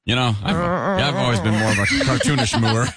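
A man co-hosting a comedic podcast chat, making jokey deadpan asides. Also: mid-range voice, a little fast, heavy background noise.

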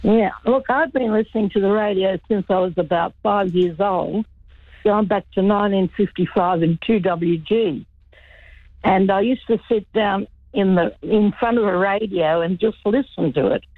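A woman's voice: medium pitch, moderate pace, dry recording. Older woman caller, seventies, earnest, heard over a phone line. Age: 70s. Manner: reminiscing, earnest. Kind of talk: call-in radio chat.

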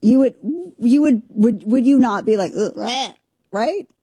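A woman in her forties from Southern Missouri, co-hosting a casual talk show and telling a family story with lively, joking asides. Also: fairly high pitch, normal speed, husky, no room sound. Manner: animated, jokey, talks over herself. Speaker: show co-host.

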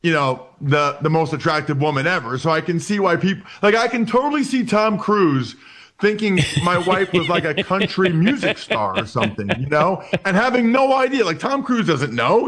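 A man in his forties from Pennsylvania, telling stories as a guest. His voice sits a bit high for a man. He is animated and keeps restarting his sentences with repeated words. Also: moderate pace. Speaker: interview guest. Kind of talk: casual storytelling.

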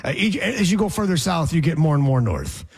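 Husky guy hosting sports radio, kinda high voice, goofing around with bits and impressions. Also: very animated, fairly quick. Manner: playful, mimics voices and drawls words for effect. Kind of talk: casual sports talk.

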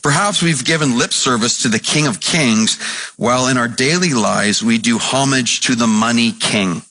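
A man preaching a sermon as pastor, impassioned, swinging between shouted passages and low, earnest talk.

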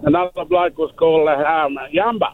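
Australian male caller, high gravelly voice, laconic and halting, muffled lo-fi phone line. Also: expressive, slight background noise.

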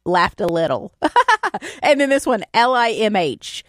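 A woman radio host in casual on-air chat, chatty and self-deprecating. Her pitch rises and falls a lot. The close mic sounds dry, with no room. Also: very animated, moderate pace, no echo. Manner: chatty and self-deprecating, stumbling over acronyms.

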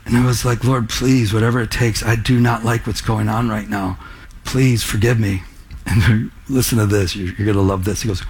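A middle-aged man preaching a sermon as a pastor, telling stories with lively acted-out dialogue. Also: on the low side, normal speed, slightly rough. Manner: animated storytelling, acts out dialogue.

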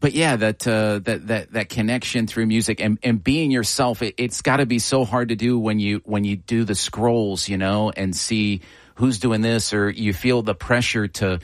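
A man's voice: on the low side, fairly even intonation, normal speed, no echo, clean studio sound. A man in his fifties hosting an interview, effusive and enthusiastic toward his guest. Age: 50s. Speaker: host.

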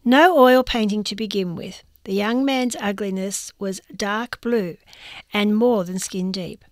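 A woman's voice: mid-range voice, measured pace, dry recording. A woman reading a first-person magazine column aloud with a dry, wry storytelling delivery.

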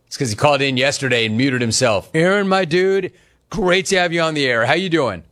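A man's voice: on the high side, a little fast. A middle-aged man hosting a talk show, reading listener gripes aloud and teasing callers. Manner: teasing, animated, mock-outraged. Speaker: radio talk show host. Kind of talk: reading listener messages on live radio.

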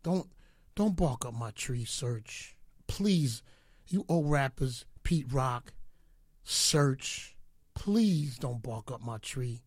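A man's voice: medium pitch, expressive, very slow, dry recording, clean studio sound. A middle-aged man delivering a boastful, taunting rant aimed at rivals, mock-pleading with them to leave him alone. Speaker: radio DJ. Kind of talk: ranting commentary.

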